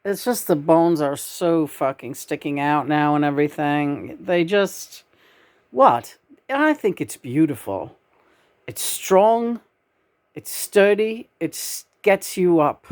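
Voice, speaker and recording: Brief: woman vlogger, low pitch, blunt, profane, rambling casual chat. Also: expressive, takes it slowly, pauses often, darkish tone. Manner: blunt, swears freely, rambling. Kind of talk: casual spiritual vlog chat.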